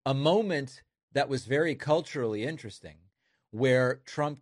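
A man's voice: mid-range voice, moderate pace. A man hosts a political commentary show, tossing wry, sarcastic asides between clips. His voice sounds dry and close, with no room echo.

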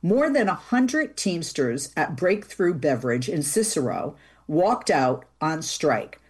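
A woman's voice: sits low, big pitch swings, takes it slowly, breathy edge. A woman hosting a talk show, chatty and easygoing, with plenty of fillers and restarts. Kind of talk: casual radio interview.

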